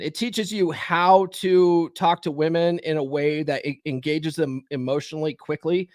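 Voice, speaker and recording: A man hosts a live stream podcast in a fairly high voice, animated and loose with swearing. He talks with lots of fillers and "okay?" tags. The sound is dry and close. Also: no room sound. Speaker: podcast host. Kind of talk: live stream commentary and book reading.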